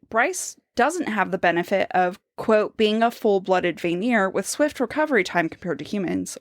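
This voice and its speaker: Lively, expressive woman book podcaster. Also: mid-range voice, no echo, studio quality. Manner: reads quotes aloud and poses questions. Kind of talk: casual literary analysis chat.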